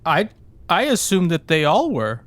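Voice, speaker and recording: A man's voice: on the high side, huge pitch swings, unhurried, fairly bright tone, no room sound. A man playing a tabletop game in character, speaking in a hesitant, polite way. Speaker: player.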